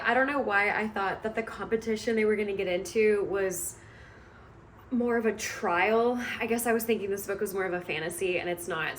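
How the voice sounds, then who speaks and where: A woman's voice: medium pitch, a little hiss or hum. A woman book vlogger retelling a story she is reading, in a chatty, amused way with many hedging asides.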